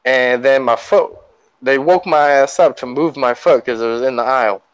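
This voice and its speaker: A man's voice: medium pitch, normal speed, clear, resonant tone, no echo, low-quality recording. A young man co-hosting a podcast, easygoing and slangy, laughing often as he talks. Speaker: podcast co-host. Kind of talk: casual chat.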